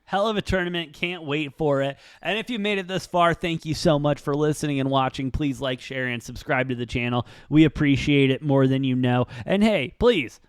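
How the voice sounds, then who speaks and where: Blunt, profane sports-betting host. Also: male voice, on the high side, normal speed, few pauses, smooth, no room sound, clean studio sound. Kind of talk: casual sports betting chat.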